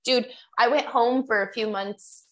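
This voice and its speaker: Her voice is a little high and her pace a little slow as a young woman co-hosts a podcast, swapping stories in relaxed conversation full of laughter and swearing.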